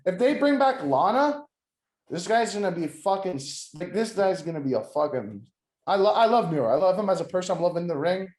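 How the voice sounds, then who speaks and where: A man's voice: high voice, big pitch swings, a little fast, a little mellow. Young male co-host recorded in an echoey room, eager fan chat that trails off and swears. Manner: enthusiastic, swears, trails off mid-sentence. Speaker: podcast co-host. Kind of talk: casual wrestling chat. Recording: roomy echo.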